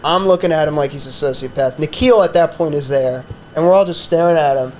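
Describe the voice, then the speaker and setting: A man's voice: on the high side, quick pace, slight background noise, poor audio. A man who hosts a comedy podcast, telling a profane, rambling story in a casual chat full of fillers.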